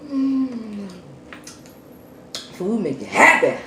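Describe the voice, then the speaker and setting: Slow humming man eating on camera. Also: sits high. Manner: slow, relaxed, lots of contented hums between bites. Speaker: mukbang eating vlogger. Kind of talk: casual eating show chat to viewers. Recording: echoey room with faint background noise.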